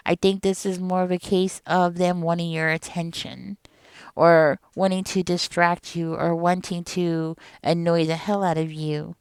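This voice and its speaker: A middle-aged woman giving a casual tarot reading to camera, emphatic and animated, speaking straight to the viewer. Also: lowish voice, clear, resonant tone, dry recording. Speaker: tarot reader.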